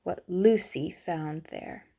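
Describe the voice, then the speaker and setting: A woman reading a children's storybook aloud, narrating in a soft, measured way. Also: on the low side, gravelly. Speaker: audiobook reader.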